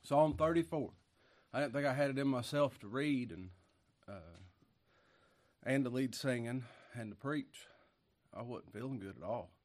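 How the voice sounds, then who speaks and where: A man preaching a folksy sermon in a voice of middle pitch. He is sick with a cough and short of breath. He drifts from low, quiet asides to loud, emphatic preaching. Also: a little slow, pauses often. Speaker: pastor.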